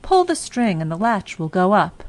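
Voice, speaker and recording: A woman's voice: medium pitch, very animated, normal speed, natural voice. A woman voicing a sick old grandmother in a storybook reading, calling out from bed. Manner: raised, calling out.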